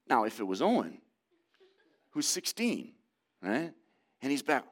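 A man's voice: mid-range voice, wildly swooping pitch, normal speed, long pauses. A man in his forties preaching a sermon, mixing earnest teaching with conversational family stories and prayer. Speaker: pastor.

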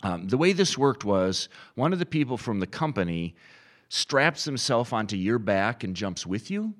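A middle-aged man preaching a sermon, animated and storytelling, acting out quoted inner voices. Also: on the low side, normal speed. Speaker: pastor.

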